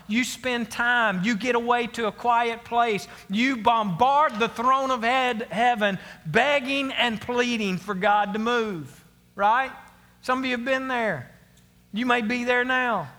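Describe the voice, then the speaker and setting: A man's voice: very high-pitched, fairly even intonation, measured pace, pushed and bright, in a large hall. A man preaching a sermon to his congregation, earnest and emphatic, repeating his key phrases. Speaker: pastor.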